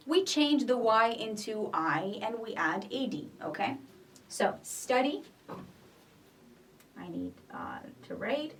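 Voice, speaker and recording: A woman's voice: fairly high pitch, distant mic, a little hiss or hum. A woman teaching an English grammar lesson, explaining patiently, repeating each point and checking in with "okay?". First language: not Arabic.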